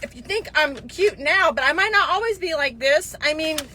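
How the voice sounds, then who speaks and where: A woman's voice: sits high, expressive, moderate pace, pushed and bright, a little hiss or hum. Chatty, rambling woman in her fifties. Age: 50s. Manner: rambling and chatty, with digressions and restarts. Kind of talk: casual monologue to viewers.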